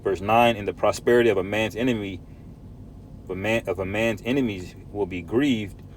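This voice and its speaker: A man's voice: lowish voice, normal speed, slight background noise. A man preaching from scripture, emphatic, often tagging lines with "man" and "all right?". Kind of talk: scripture teaching.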